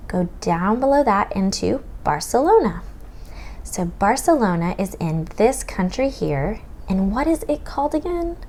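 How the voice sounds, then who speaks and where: An American woman tutoring children through a map lesson, in a slow sing-song manner that sometimes drops to a whisper. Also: mid-range voice, very animated, darkish tone, a little hiss or hum. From United States. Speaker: homeschool tutor teaching children.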